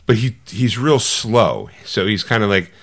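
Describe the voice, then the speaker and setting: Animated man retelling a movie plot. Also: fairly low pitch, unhurried. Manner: animated storytelling, slipping into quoted voices; loose, rambling with fillers and restarts. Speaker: podcast co-host.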